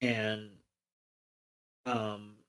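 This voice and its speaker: A man's voice: fairly low pitch, level tone, extremely slow, fairly bright tone, smooth. A man co-hosting a podcast, retelling a cartoon episode with sarcasm and heavy swearing. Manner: profane, sarcastic retelling with mock voices. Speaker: podcast co-host. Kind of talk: casual episode recap.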